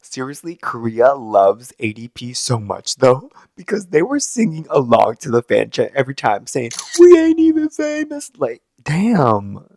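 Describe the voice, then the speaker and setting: A man giving an opinionated, sarcastic casual recap of a competition show, now and then jumping up high to exclaim. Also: big pitch swings, moderate pace, vocal fry, few pauses, a little mellow, no echo, studio quality.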